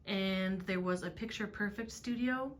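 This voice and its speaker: A woman in her thirties giving a casual tour of her small business office, chatty and laughing often, talking fast enough to get out of breath. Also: medium pitch, slight background noise. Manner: chatty and giggly, laughs often mid-sentence. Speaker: small business jewelry maker. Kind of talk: casual studio tour vlog. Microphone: handheld camera while walking around.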